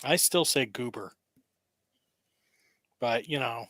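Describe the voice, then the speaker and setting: Teasing guest man with a bright voice. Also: mid-range voice, takes it slowly, dry recording, clean studio sound. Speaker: guest author. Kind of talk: casual livestream chat.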